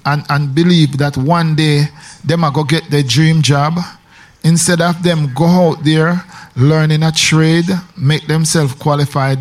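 Jamaican man on radio chat, a bit high voiced, rambling, repeats himself a lot. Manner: rambling, emphatic, with repetitions. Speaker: radio host.

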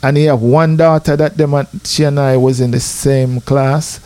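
Animated Jamaican man telling a story. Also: moderate pace, dry recording. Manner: animated, repeats "you know", rises in pitch for drama. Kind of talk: casual personal storytelling.

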